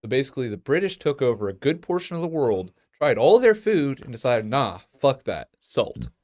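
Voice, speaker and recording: A man's voice: medium pitch, very animated, fairly quick, darkish tone, dry recording. A man co-hosting a casual podcast, crude and sarcastic as he jokes with friends. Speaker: podcast co-host.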